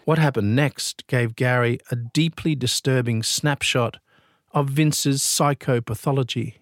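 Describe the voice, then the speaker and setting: A man narrating a true-crime story in a grave, deliberate, scripted delivery. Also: medium pitch, dry recording, clean studio sound.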